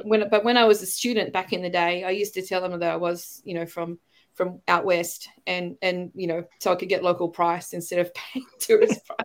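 A middle-aged woman with an Australian accent, a podcast guest talking in a rambling, chatty way with light laughs between phrases. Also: mid-range voice. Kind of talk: casual interview chat.

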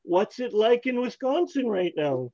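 Lively high-voiced Canadian man hosting. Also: unhurried, no room sound, muffled recording. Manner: upbeat, excitable, joking. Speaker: host. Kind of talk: live online show hosting.

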